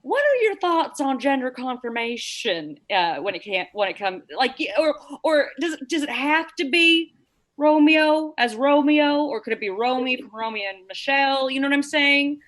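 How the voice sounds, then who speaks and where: A woman's voice: high-pitched, lively intonation, moderate pace, hardly any pauses, fairly bright tone. A woman improvising a rambling, hesitant school board head in a comedy scene over a video call. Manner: rambling, hesitant, full of fillers.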